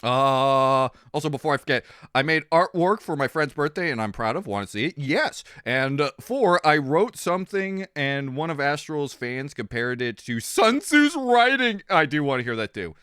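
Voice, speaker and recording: Animated, bright-voiced male streamer. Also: fairly high pitch, moderate pace, few pauses, clear, resonant tone, no room sound, clean studio sound. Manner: rambling, animated, laughs and coughs often. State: coughing. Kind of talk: casual stream chat.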